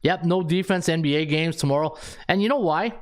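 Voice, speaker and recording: Excitable rambling man hosting a podcast. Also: fairly high pitch, brisk. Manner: rambling and excitable, laughing at his own lines; ranting, with many restarts. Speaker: sports betting podcast host. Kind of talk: casual sports betting chat.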